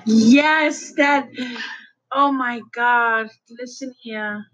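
A middle-aged woman chatting to her viewers on a call, animated as she retells a funny guy's videos and quotes him loudly. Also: a little high, drawn-out words, rough recording. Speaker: vlogger talking to viewers. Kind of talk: casual chat on a call.

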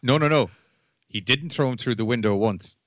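A man's voice: medium pitch, moderate pace, a bit bright, no echo, studio quality. A man co-hosting a casual chat. He banters, teases and laughs often. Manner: laughing, teasing, playfully petty. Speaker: podcast co-host.

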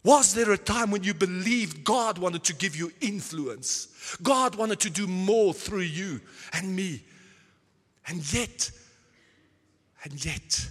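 Dutch-born pastor preaching, high husky voice, emphatic and repeating himself, big echoey hall. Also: male voice, expressive, measured pace, a bit bright. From Netherlands. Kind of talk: sermon. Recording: long hall reverb.

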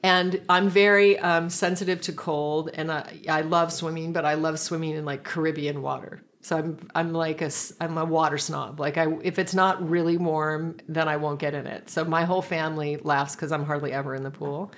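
A woman with a low voice tells a story in conversation. She is reflective and meandering, doubling back to restart her sentences as she goes. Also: fairly even intonation, moderate pace, few pauses. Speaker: guest.

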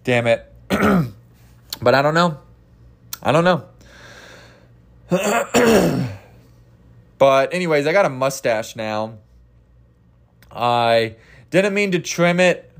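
A man's voice: fairly high pitch, animated, slow, vocal fry, long pauses. A young man from Kansas hosting a podcast alone, talking in a casual, profane, rambling way and often correcting himself mid-sentence. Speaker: podcast host. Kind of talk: casual solo podcast rant.

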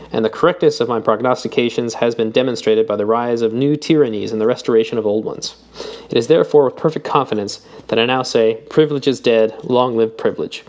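Male narrator as eager young reader, brisk, lifts on questions. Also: a little mellow, lightly acted. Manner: reads old text aloud, rising in pitch with questions.

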